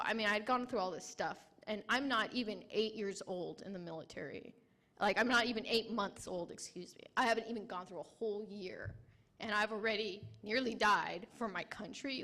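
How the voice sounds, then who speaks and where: A young adult woman, a military veteran, giving a personal testimony at a conference in an emotional, halting way with many restarts. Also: mid-range voice, pushed and bright.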